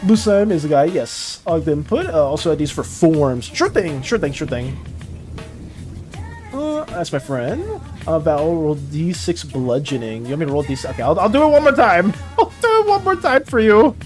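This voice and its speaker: A lively streamer chats as the game master, with pitch that jumps around a lot and an easy, rambling flow. The talk keeps breaking into laughter. Faint music plays behind the voice. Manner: animated, rambling, quick to laugh. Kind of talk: casual live-stream chat.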